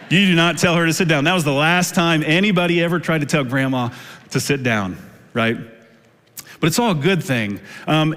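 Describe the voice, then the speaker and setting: A pastor in his thirties preaches a sermon in a relaxed, storytelling way, and his voice sits slightly high for a man. He slips into playful acted-out quotes now and then. The long reverb of a large church hall trails behind every line. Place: church auditorium.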